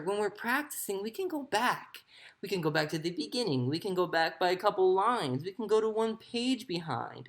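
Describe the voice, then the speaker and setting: A woman acting teacher walks through a children's storybook, explaining character choices in a playful, expressive way. Her pitch rises and falls a great deal. She speaks at an unhurried pace. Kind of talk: teaching read-aloud acting lesson.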